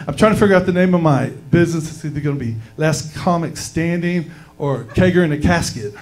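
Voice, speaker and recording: A man's voice: a little high, expressive, fairly quick. A man doing a brash, crude stand-up set on a comedy club stage.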